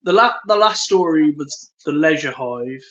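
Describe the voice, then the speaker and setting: A man co-hosting a podcast, sharing trivia in a relaxed way, recorded on a phone. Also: on the high side, unhurried, muffled recording. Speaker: podcast co-host. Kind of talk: casual chat.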